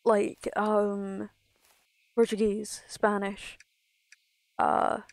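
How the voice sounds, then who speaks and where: Slow-talking woman with a gravelly edge. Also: medium pitch, completely flat delivery, no room sound. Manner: rambling, chatty, many "like" asides. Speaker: streamer. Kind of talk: casual chat while gaming.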